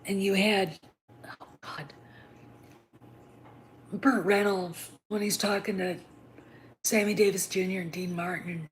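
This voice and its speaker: A woman host talking alone in an animated, opinionated way, swearing freely and using many fillers. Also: medium pitch, slow, long pauses, slight background noise, low-quality recording. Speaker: podcast host. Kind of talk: opinionated solo talk.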